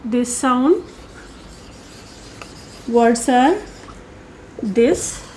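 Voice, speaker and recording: A woman teaching English pronunciation, saying each sound slowly and deliberately with pauses and fillers. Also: on the high side, a little mellow, slight background noise. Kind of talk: pronunciation lesson.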